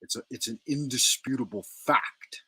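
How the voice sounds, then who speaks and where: A man's voice: mid-range voice, normal speed, bright, forceful tone, slightly rough, no echo. A middle-aged man hosting a casual livestream from home, rambling, repeating himself and thanking viewers. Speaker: livestream host.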